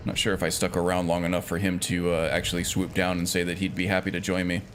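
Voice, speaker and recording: A man's voice: deep voice, monotone, fast talker. A man streaming a game, talking casually and rambling with frequent fillers and little chuckles. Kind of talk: casual gameplay chat.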